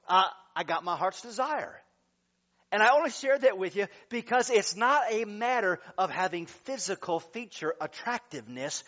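A man preaching a sermon as pastor, animated, sometimes shouting praise and laughing. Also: high-pitched, lo-fi sound.

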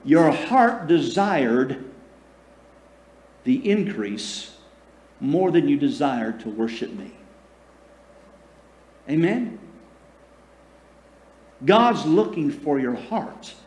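A man preaching a sermon as a pastor. He calls on the congregation to respond and swings between loud emphasis and soft, slow passages. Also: a little high, sing-song. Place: church sanctuary. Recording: echoey room.

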